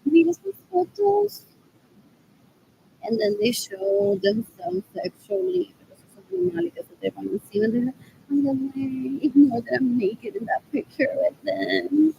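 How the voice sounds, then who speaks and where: A woman's voice: high-pitched, sing-song, normal speed, creaky, highs cut off, slight background noise. A woman talking alone to camera in a drifting, repetitive monologue, slipping in Spanish phrases. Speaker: vlogger. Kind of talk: rambling monologue.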